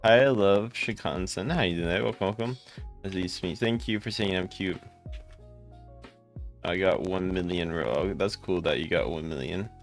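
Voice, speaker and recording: A man's voice: low voice, normal speed, soft background music. A tired man casually chatting with viewers during a live gaming stream, greeting them by name with rambling asides.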